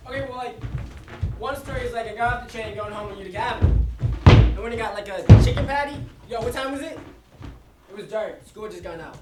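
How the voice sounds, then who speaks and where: Young man as a rambling teen boy, high voice, distant echoey stage. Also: fast talker, long pauses, heavy background noise, close to an everyday voice. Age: young adult. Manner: rambling, casual storytelling. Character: chatty teen boy walking home. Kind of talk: staged reading monologue. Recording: echoey stage filmed from far off.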